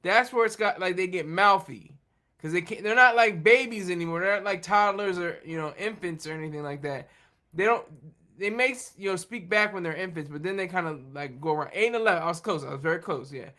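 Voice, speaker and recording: A man with a high, pushed, bright voice hosts a livestream, chatting casually with viewers. He rambles and halts, restarting often and laughing a lot.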